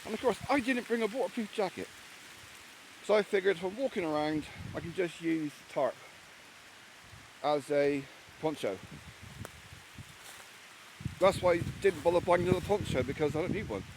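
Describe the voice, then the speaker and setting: Out in wet woodland, this man from England chats bluntly about his campsite in a relaxed vlog, cursing without restraint. He sits on the high side, keeps a moderate pace, and leaves long pauses. The rough outdoor audio carries loud rain plus a little hiss or hum.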